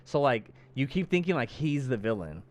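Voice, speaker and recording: A man's voice: mid-range voice, normal speed. A man co-hosting a podcast, casually retelling a movie plot and acting out the characters' lines. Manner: animated storyteller acting out characters, heavy cursing. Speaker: podcast co-host.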